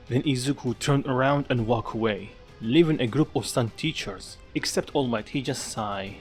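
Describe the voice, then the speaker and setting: A man's voice: mid-range voice, normal speed, hardly any pauses. A man narrating a fan story in a casual, offhand way. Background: background music.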